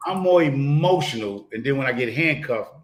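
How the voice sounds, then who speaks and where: A man's voice: medium pitch, expressive, moderate pace. A man speaking bluntly and emphatically as a guest on a casual live stream, swearing freely. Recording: roomy echo.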